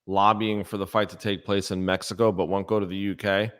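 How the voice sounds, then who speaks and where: A man's voice: low voice, flat delivery, a little fast, a bit bright, clean tone. A man co-hosting a casual boxing chat, blunt and opinionated, repeating his points. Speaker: boxing podcast co-host.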